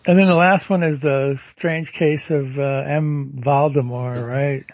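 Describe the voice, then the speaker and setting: A man's voice: fairly high pitch, steady tone, measured pace, dull audio. A man co-hosting a podcast, chiming in with details in casual chat. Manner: chimes in, adds details. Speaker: podcast co-host.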